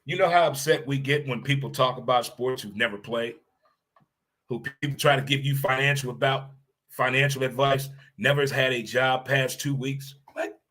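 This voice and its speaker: A man's voice: mid-range voice, moderate pace. Emphatic man hosting a solo podcast rant. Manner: animated, emphatic, repeats phrases for effect; blunt, occasional swearing. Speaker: podcast host.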